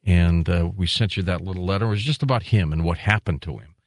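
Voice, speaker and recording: A male radio host with a very deep voice, heard close and dry in the studio. He talks emphatically and breaks into indignant remarks. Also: fast talker, no echo. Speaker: radio talk show host. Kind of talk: radio interview.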